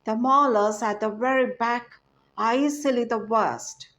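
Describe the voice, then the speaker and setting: A woman's voice: a little high, measured pace, a bit bright. A woman voicing a sly, grinning male crocodile with a coaxing, confident manner in a poem recitation.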